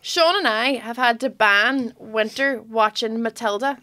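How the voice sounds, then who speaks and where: A woman's voice: on the high side, unhurried, pushed and bright, dry recording. A woman hosting a casual podcast, chatty and laughing often as she acts out her daughter. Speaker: podcast host.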